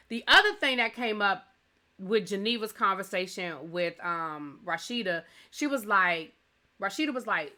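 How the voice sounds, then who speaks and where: Chatty, sassy woman with a bright voice. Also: mid-range voice. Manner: chatty, colloquial, playfully sassy; acts out lines in quick asides. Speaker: TV review channel host. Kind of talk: casual episode recap and review.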